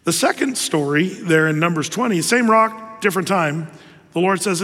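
A man preaching a sermon, telling the story lively with acted asides. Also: high-pitched, normal speed, husky, long reverb tail.

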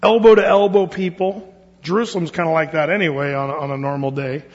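High-voiced man teaching in an echoing hall. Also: steady tone, quick pace. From Oregon. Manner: casual, rambling, with many fillers and restarts. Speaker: pastor. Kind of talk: Bible study teaching. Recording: dull lo-fi sound with long hall reverb.

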